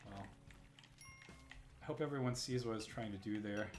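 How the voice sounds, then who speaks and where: In a measured, slightly mellow voice on the low side, a man pauses often as he streams a platform game live. His casual commentary rambles, breaks off mid-sentence and leans heavily on "right?", set against roomy echo and faint music.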